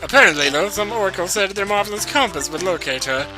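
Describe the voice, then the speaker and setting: A man's voice: high voice, lively intonation, quick pace, music in the background, pitched above the performer's own voice, low-quality recording. A man reading game dialogue aloud as an eager, boastful plumber hero, in a put-on Italian-style accent and calling the listener bro. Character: cheerful nervous adult male plumber hero, boastful.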